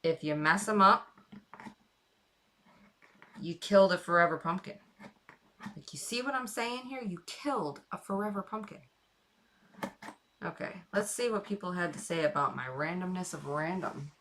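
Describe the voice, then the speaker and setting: A woman's voice: on the low side, expressive, normal speed, long pauses, a bit bright, slight background noise. A woman streaming live while carving a pumpkin, chatting playfully and rambling to her viewers. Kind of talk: casual live-stream chat.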